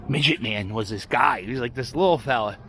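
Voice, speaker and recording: A man's voice: mid-range voice, a little fast, noisy background. A man walking outdoors on a city street, chatting casually and rambling as he hosts a walking vlog. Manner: chatty, rambling, self-deprecating. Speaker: vlogger walking tour host.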